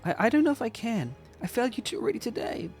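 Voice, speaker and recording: A man's voice: very high voice, very animated, quick pace, gravelly, a little mellow, faint music behind, voice pushed up, full character voice. A man voicing a panicked, guilt-ridden older male court seer who stammers.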